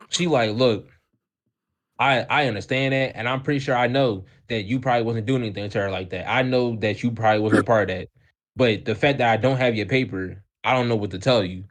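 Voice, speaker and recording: A young man co-hosting a podcast, telling a story in a casual, animated way, acting out the people in it with lots of slang and swearing. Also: mid-range voice, fairly quick. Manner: animated, acts out quoted voices, heavy profanity and slang. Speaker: podcast co-host.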